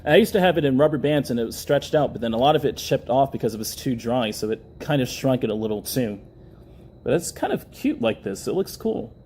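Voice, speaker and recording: A man's voice: medium pitch, expressive, a little fast, darkish tone, slight background noise. Chatty man hosting a phone livestream. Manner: chatty, reads viewer comments aloud and laughs often. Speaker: livestream host. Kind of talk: casual live-stream chat. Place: indoors, public building.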